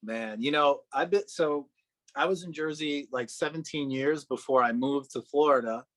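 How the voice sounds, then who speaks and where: A man raised in Boston, an actor guest on a podcast, talking in a relaxed, chatty way and laughing often. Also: a little high, moderate pace, no echo. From Boston, Massachusetts. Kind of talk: casual podcast chat.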